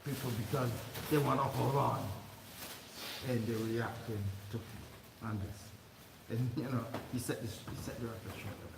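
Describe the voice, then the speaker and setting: A religious teacher with a gravelly, medium-pitched voice speaks at a moderate pace during an informal Quran commentary class in a mosque hall. He's conversational, laughing often and repeating words, and the recording is noisy and echoey from a far mic.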